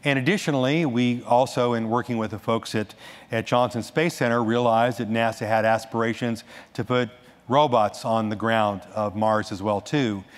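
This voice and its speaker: A man giving a conference talk on stage, animated, restarting sentences and adding asides as he goes. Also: medium pitch, moderate pace. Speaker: conference speaker. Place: large conference hall. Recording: echoey hall reverb.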